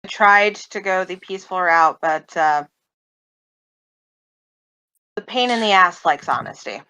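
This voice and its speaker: A woman's voice: lowish voice, normal speed, sharp tone, clean tone, muffled recording. A woman voicing a tired, frank female commander in a tabletop game. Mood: weary.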